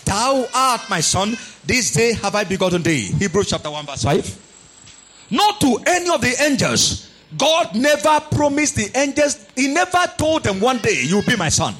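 A man preaching a sermon in a husky voice, emphatic and animated, repeating lines for stress. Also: sits high.

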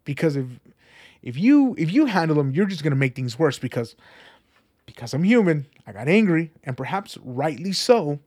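A young man sharing a personal faith testimony in an earnest, animated, conversational way, often repeating himself. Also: on the high side, normal speed, husky. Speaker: church member sharing testimony.

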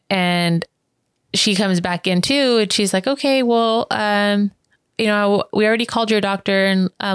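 Woman, casual storyteller, animated, plays the quoted voices, dry mic. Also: clear, resonant tone, no room sound. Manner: animated, many fillers like "like" and "um"; acts out quoted voices with sharp pitch jumps. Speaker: interview guest.

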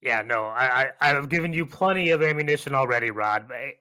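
A man co-hosting a sports podcast, making his points in a measured, reasoning way. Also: mid-range voice, pushed and bright, dry recording. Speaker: podcast co-host.

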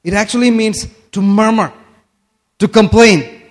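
Guy preaching a sermon real slow, pretty high voice, gets loud and emphatic on the big lines. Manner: slow, rising to emphatic bursts on key phrases; asides while looking up words in his notes. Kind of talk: sermon, reading and explaining scripture.

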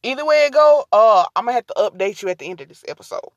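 A woman hosts a casual solo podcast, her voice sitting a bit high. She rambles and drifts off track easily, talking to listeners as y'all. The sound is close and dry, with no room echo. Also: animated, quick pace, muffled recording. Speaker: podcast host.

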